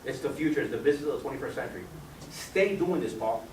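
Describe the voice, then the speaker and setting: A man giving a persuasive sales pitch at a meeting with guests, quizzing listeners by name with numbers and questions. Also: animated, fast, a little mellow. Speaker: business opportunity presenter. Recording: echoey room, mic far off, faint background noise.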